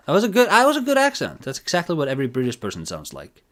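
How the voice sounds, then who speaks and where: A man's voice: a little high, very animated, fast, fairly bright tone. Nasal, self-deprecating streamer man. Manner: self-deprecating, giggly, rambling with fillers. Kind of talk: live reaction stream chat.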